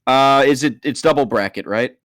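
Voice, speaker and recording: A man's voice: mid-range voice, moderate pace, fairly bright tone, no room sound, studio quality. A man playing in a tabletop game, chatting casually, hesitant and self-deprecating. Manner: self-deprecating, hesitant, laughs at his own slips. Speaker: player.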